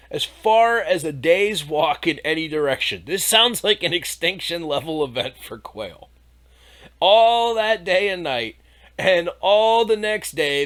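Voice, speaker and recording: A man with a slightly high voice tears into scripture in an irreverent comedy podcast. He swears freely, turns sarcastic and laughs at his own jokes. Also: a bit bright. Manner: reads scripture aloud then mocks it. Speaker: podcast host. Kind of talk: irreverent comedic Bible commentary.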